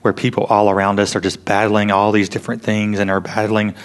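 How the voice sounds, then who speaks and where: Man, pastor, sermon, low-pitched, earnest storytelling, hushed emphasis. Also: level tone, brisk.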